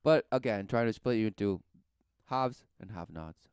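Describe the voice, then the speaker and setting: A man's voice: on the low side, normal speed, darkish tone, smooth, no room sound, studio quality. A man preaching in a rambling talk, often tossing in rhetorical questions. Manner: rambling, keeps asking "who knew" and "right?".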